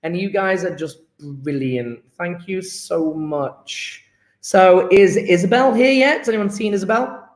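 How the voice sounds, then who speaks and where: A man's voice: sits high, unhurried, echoey room. A man, a chemistry teacher chatting upbeat and jokey with his class as he takes an online register. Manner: upbeat, joking, chatty with students.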